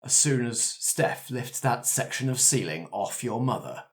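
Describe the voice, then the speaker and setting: A man in an improvised comedy role-play, playing a doctor in a quick, eager way. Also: mid-range voice, animated. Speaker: player and producer.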